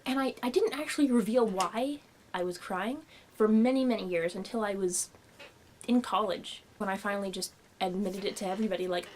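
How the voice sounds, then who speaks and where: A young woman telling a personal story in a home vlog, animated and expressive, acting out the quotes. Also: fairly high pitch, a little fast, slight background noise. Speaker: vlogger. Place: home room.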